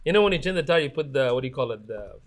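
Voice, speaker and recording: A man's voice: medium pitch, animated, rapid-fire. A man in his thirties co-hosting a podcast, chatting casually, joking, laughing as he talks and searching for words. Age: 30s. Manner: jokey, laughs while talking, searches for words. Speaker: podcast co-host. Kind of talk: casual chat.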